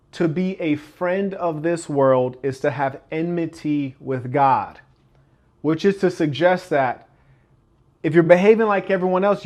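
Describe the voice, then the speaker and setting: A man delivers a motivational self-improvement talk in an emphatic, preacher-like way. His voice sits a little high for a man. Now and then he drops into short acted-out scenes to make his point. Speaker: channel host and speaker on self-improvement.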